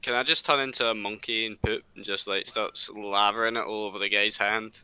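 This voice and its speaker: A man's voice: fairly low pitch, steady tone, fairly quick, pushed and bright, clean tone, dry recording, rough recording. A man joking around as a player in a tabletop game. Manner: joking, silly. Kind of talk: casual tabletop game chat.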